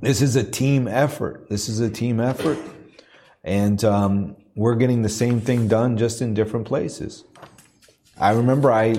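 A man preaching as a missionary in a church, telling a personal story in an earnest, halting way that builds to a preaching cadence. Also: mid-range voice, steady tone, warm tone, a little hiss or hum.

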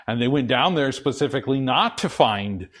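A man's voice: medium pitch, lively intonation, moderate pace, a bit bright. A middle-aged man giving a conversational sermon and personal testimony, earnest and hesitant, with many fillers and restarts. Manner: earnest, confessional. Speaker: lay preacher.

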